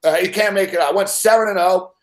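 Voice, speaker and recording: Excitable male host with a fairly high voice, rambling and profane. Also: fast. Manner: swears constantly, rambling and excitable. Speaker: sports betting show host. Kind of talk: profane casual storytelling.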